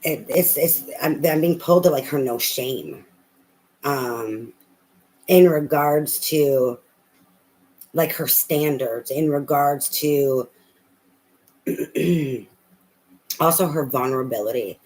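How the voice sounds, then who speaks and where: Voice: medium pitch, slow, long pauses, a little mellow, rough recording. Blunt, profane tarot reader. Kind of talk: casual spoken tarot reading.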